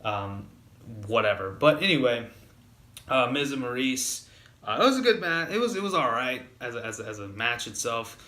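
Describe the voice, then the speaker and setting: A man's voice: medium pitch, very animated, normal speed, pushed and bright, roomy sound. A man giving a casual spoken wrestling review, rambling with lots of fillers and restarts, getting heated when annoyed.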